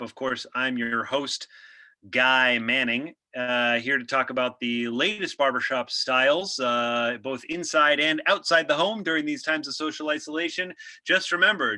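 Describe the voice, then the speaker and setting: A man playing a smooth, showy male talk-show host with announcer-like patter. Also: fairly high pitch, sharp tone, dry recording.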